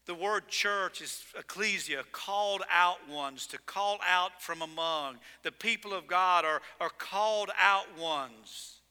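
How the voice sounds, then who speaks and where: A male pastor preaching a sermon in a church, telling stories in an animated way and hitting words with sudden loud emphasis. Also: high voice, slow pace, few pauses, clear, resonant tone. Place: church sanctuary. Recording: long reverb in a church sanctuary.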